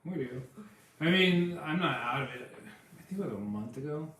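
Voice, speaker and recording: A man's voice: fairly high pitch, expressive, moderate pace, a bit bright. A man co-hosting a casual chat, telling rambling stories with many fillers. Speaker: podcast co-host. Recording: very echoey room.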